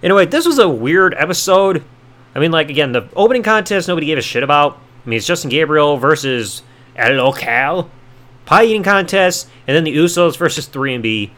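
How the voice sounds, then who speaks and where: A man's voice: a little high, lively intonation, fairly quick, a bit bright. A man hosting a podcast, reviewing a wrestling show in a casual way, swearing and making sarcastic asides. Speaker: podcast host.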